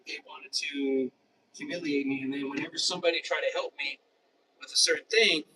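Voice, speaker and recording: A man's voice: fairly high pitch, fairly even intonation, fairly quick, bright, forceful tone. Man rambling a story, far from the mic. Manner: rambling, repetitive, many restarts. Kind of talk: casual personal monologue. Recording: distant mic with faint background noise.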